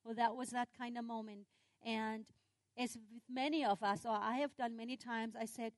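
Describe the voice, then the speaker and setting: Lady preacher telling a bible story all animated, kinda high voice, dry mic. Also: moderate pace, no room sound. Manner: lively storytelling with dramatic voice swings. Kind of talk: sermon.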